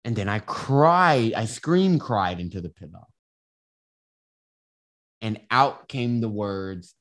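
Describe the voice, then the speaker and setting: Slow-paced and pausing often, this self-help coach speaks in a mid-range, expressive, slightly bright voice in a casual monologue to camera. The advice is candid and comes through a personal story, with frequent restarts.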